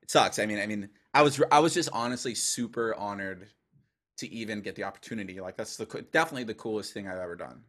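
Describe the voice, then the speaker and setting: A man, a dubstep producer as a guest, chatting casually and telling animated stories with lots of fillers and swearing. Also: lowish voice, quick pace. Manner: animated storyteller, heavy filler use, swears. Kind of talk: casual interview chat.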